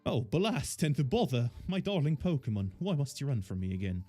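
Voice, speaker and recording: Fussy courteous professor read by a man, lively and sing-song, soft game music under it. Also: mid-range voice, brisk, slightly rough. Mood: fussy politeness. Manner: courteous, old-fashioned formal phrasing. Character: fussy, polite male professor, middle-aged. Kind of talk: reading game dialogue aloud in character.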